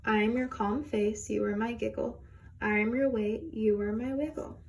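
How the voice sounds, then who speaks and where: A young woman reading a rhyming children's book aloud with a gentle, steady rhythm. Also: on the high side, normal speed, a little hiss or hum. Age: young adult. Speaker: reader.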